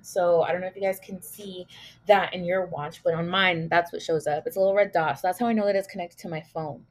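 A woman's voice: on the low side, fairly even intonation, a little fast. A young woman hosting her own podcast, rambling through a casual story with lots of filler words and swearing. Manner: rambling, heavy use of "like", swearing, laughing at herself. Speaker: podcast host.

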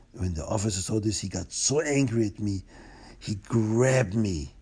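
A man retelling a religious story in a lively way, with asides to the listener, and a gravelly, husky voice. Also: fairly low pitch, unhurried.

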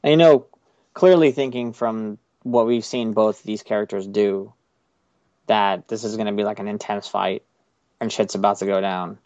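A young man with a lowish voice hosts a chatty podcast, rambling loosely through a recap and swearing now and then. The sound is dry and a little dull, with no room behind it. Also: fairly even intonation, normal speed, darkish tone, no room sound. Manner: rambling, loose, swears casually, many fillers. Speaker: podcast host. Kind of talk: casual chat recapping an anime episode.

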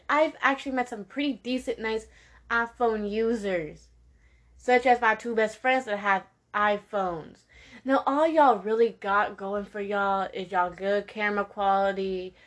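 A teenage girl giving a sassy, animated rant to her viewers, with laughing asides. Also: medium pitch. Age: teens. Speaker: vlogger. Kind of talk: casual rant to camera.

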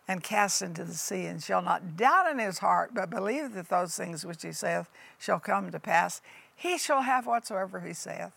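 A woman's voice: medium pitch, vocal fry, fairly bright tone, no room sound. An older woman pastor giving a folksy, emphatic sermon testimony that calls listeners honey and folks.

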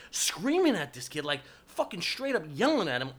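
A man's voice: fairly high pitch, brisk. A man, a podcast co-host telling rowdy stories in casual chat, laughing and swearing often. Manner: laughing, swearing, animated storyteller.

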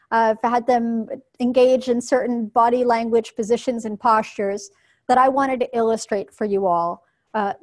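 A woman presents to a live audience, her voice sitting a little on the high side. She explains things clearly and at a measured pace. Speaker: workshop presenter.

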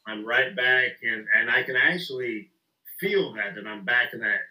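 A man's voice: mid-range voice, normal speed, bright, forceful tone, far from the mic. A middle-aged man from the Midwest hosting a podcast, profane and rambling, laughing often. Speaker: podcast host. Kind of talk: casual chat. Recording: echoey room, off-mic.

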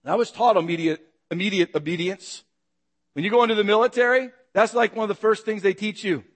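Male pastor, fairly high voice, dynamic sermon delivery with rhetorical questions. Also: fast, big-room sound. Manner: dynamic, rhetorical questions, acts out shouted calls.

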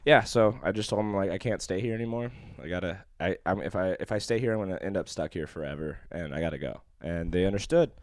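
Young guy with a lowish voice rambling thru a story, lots of swearing and fillers, dry close sound. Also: quick pace, few pauses, no echo. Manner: profane, rambling, full of fillers. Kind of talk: casual chat.

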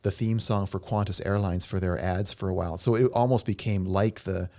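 A man's voice: low-pitched, fairly even intonation, fairly quick, a little mellow. A middle-aged man co-hosting a casual podcast, a chatty, jokey storyteller who rambles. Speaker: podcast co-host and pianist. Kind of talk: casual chat.

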